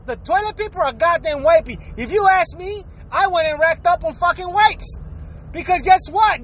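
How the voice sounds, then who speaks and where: High voiced lady cussing nonstop, exasperated rant, lots of "what the f is going on". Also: a little hiss or hum. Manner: heavy swearing, exasperated, rhetorical questions. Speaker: vlogger. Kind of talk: profane solo rant to camera.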